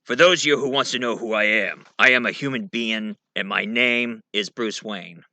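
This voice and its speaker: A brooding masked vigilante, as a man plays him, speaks quietly and seriously. The voice is bright and sharp, recorded dry and close. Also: fairly low pitch, moderate pace, no room sound. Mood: grim.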